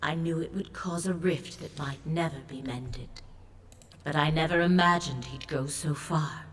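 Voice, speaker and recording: A grave, ancient sea goddess speaks in a solemn, commanding way from a video game. Her voice sits very low and heavy. Each word is slow and measured. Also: faint music behind. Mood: sorrowful. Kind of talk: game voice acting.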